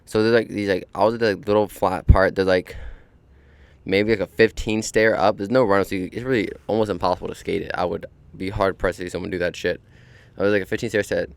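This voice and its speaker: A man's voice: low-pitched, fairly even intonation, quick pace, vocal fry, clean tone, dry recording. A young man hosting a podcast outdoors on a deck, telling a story in a laid-back way full of swearing and fillers. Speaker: podcast host. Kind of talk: casual storytelling monologue.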